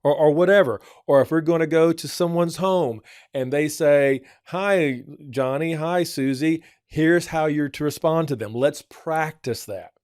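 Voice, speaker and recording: A man's voice: on the high side, unhurried, few pauses, darkish tone, clear, resonant tone, dry recording, clean studio sound. A man on a church program giving earnest parenting advice, often repeating his points for emphasis. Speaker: church family counselor. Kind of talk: advice talk.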